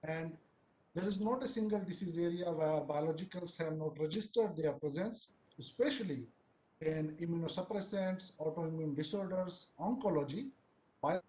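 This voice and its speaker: A man giving a formal plenary talk over a video call, speaking deliberately. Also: a little high, darkish tone, echoey room, low-quality recording.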